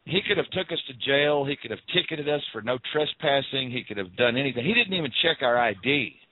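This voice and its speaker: Speaking a little fast, this Southern US man, a guest on a call-in radio show, recounts a personal story with an expressive, medium-pitched voice. He repeats himself earnestly for emphasis and quotes people loudly, all heard through a tinny phone line.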